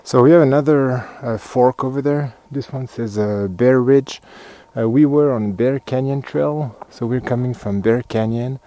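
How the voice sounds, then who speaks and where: A man with a French accent talks his way along an outdoor hiking trail on a cold day, pointing things out as he films. He sounds slightly out of breath, his voice sits at a middling pitch, and he drifts into quiet muttered asides between remarks. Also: a little slow, hardly any pauses, no room sound, low-quality recording. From France. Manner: chatty, muttering asides while walking. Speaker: hiking vlogger. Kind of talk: casual walking commentary.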